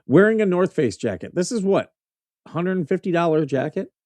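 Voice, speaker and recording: A man's voice: high voice, animated, normal speed, darkish tone, no room sound. A man hosting a casual news commentary show, blunt and mocking, swearing freely as he reacts to clips. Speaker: host.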